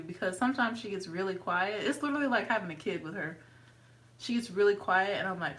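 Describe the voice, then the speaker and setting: Bright-voiced woman chatting a hair routine. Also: fast talker, recorded from a distance, rough recording. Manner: chatty, talks to her dog in a high sweet voice. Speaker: vlogger. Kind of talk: casual hair tutorial chat.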